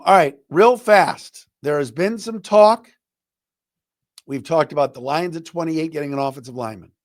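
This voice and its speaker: A man's voice: medium pitch, no room sound, clean studio sound. A middle-aged man hosting a sports talk podcast, giving opinionated, conversational commentary and acting out quotes as he goes. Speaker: podcast host.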